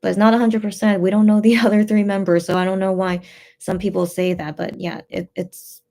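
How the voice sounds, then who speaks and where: A tearful woman hosting a casual livestream, reading out chat messages in a subdued, hesitant way with many pauses and fillers. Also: mid-range voice, level tone, gravelly, dark tone.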